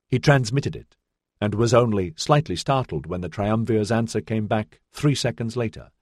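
A man narrating an audiobook in a steady, even storytelling manner. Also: on the low side, normal speed, no echo, studio quality.

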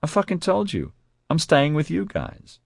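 A man voicing a rough, foul-mouthed male soldier with a gruff, brash manner. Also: fairly high pitch, wildly swooping pitch, moderate pace, dry recording, studio quality, pitched above the performer's own voice, full character voice.

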